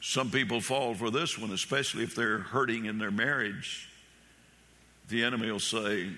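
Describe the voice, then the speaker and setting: A man's voice: fairly low pitch, steady tone, moderate pace, bright, forceful tone, in a large hall. A male pastor preaching a sermon with passion, repeating phrases and telling folksy stories.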